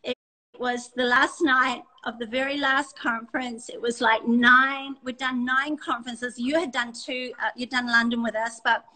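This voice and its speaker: High-voiced effusive Australian woman host. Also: level tone, sharp tone, rough recording. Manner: effusive, talks in quick restarts. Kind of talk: casual chat.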